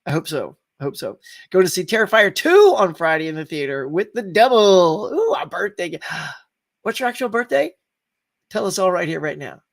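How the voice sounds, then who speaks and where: Chatty high-voiced male stream host. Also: very animated, moderate pace, creaky. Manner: upbeat, laughing, greets viewers by name. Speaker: host of a live stream show. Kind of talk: casual live stream chat reading comments.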